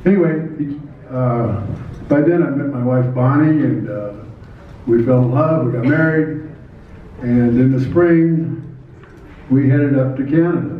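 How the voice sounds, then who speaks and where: A man's voice: medium pitch, unhurried, pauses often. An older man from Nebraska gives a meandering acceptance speech, full of "uh" fillers and restarts. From Nebraska, USA. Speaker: hall of fame inductee giving an acceptance speech. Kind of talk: rambling acceptance speech storytelling. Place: large echoey hall at a ceremony. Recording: echoey hall, distant, dull sound.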